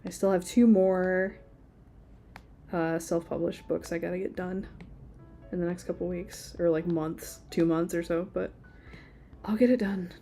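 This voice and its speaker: A woman's voice: lowish voice, steady tone, a little slow, long pauses, mellow, faint music behind. A woman in her thirties, chatting casually while she draws during a live stream. She rambles and uses a lot of filler words. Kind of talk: casual chat while drawing.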